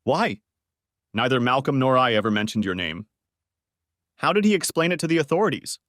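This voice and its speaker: A man's voice: medium pitch, lively intonation, brisk, a bit bright, no echo, studio quality, close to an everyday voice. A man voicing a distraught adult wife who pleads and defends herself, in a story reading. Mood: pleading.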